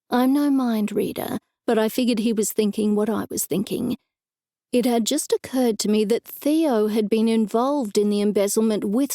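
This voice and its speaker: A woman narrating a first-person cozy mystery audiobook in a measured storytelling way, recorded on a close studio mic. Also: medium pitch, gravelly, dark tone, dry recording.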